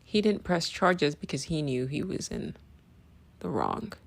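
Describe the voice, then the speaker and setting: A woman with a low, gravelly voice delivers an opinion monologue straight to her audience. She is blunt and profane and keeps checking in with a rhetorical "right?". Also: expressive, unhurried. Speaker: commentator. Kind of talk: direct-to-camera opinion monologue. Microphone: video call.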